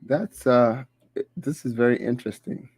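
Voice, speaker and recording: A man's voice: mid-range voice, darkish tone, breathy edge, no room sound. Man with a dry, fading voice. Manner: halting, many fillers and restarts while reading through a list. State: dry throat, losing his voice. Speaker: crypto channel host. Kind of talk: casual solo livestream commentary.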